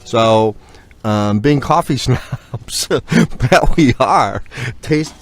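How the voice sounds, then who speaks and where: A man's voice: mid-range voice, extremely slow. A man in a casual vlog, rambling easily and agreeing a lot as he reviews coffee. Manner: easygoing, rambling, lots of fillers and agreeing. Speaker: vlogger. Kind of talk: casual product review chat.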